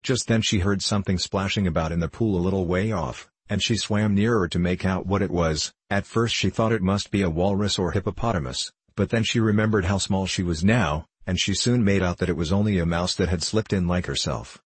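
Male narrator reading a children's book, deep and husky, recorded close and dry. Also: brisk, few pauses, dry recording. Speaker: audiobook narrator. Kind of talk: storybook narration.

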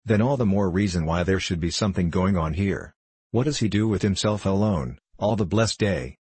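A man reading the part of a curious new footman in an audiobook, with a deep, husky voice. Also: normal speed, a little mellow, no room sound. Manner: eager, inquisitive. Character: curious young male footman, eager newcomer.

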